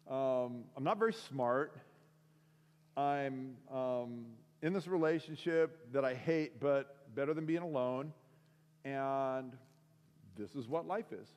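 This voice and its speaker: A man giving a sermon testimony, telling his story in an animated way and acting out the conversations. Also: medium pitch, big-room sound. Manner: animated storytelling, acts out dialogue. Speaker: guest speaker. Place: school auditorium.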